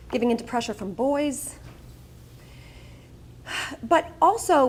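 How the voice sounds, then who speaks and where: A woman's voice: on the high side, a little hiss or hum. A middle-aged woman with a Long Island accent gives a personal storytelling speech at a charity breakfast, candid and self-mocking with wry asides. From Long Island, New York. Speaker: guest speaker at a charity breakfast. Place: event room, speaking to an audience.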